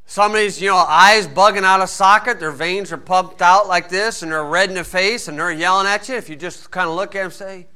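Preacher guy, high-pitched, telling folksy stories, gets loud then drops real quiet. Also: steady tone, fairly quick, hardly any pauses, smooth. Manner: folksy storytelling, swings between loud emphasis and quiet asides. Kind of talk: sermon.

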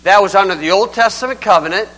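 A man's voice: sits high, quick pace, sharp tone, low-quality recording. An older man preaching a sermon in a folksy, conversational and emphatic way.

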